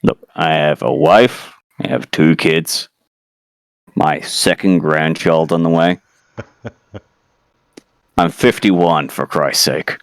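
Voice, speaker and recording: Brief: man playing a gravelly cursed fifty-something man, very deep and smooth, exasperated and weary. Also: takes it slowly, pauses often, dry recording, heavily acted. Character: gruff 51-year-old cursed man in a girl's body.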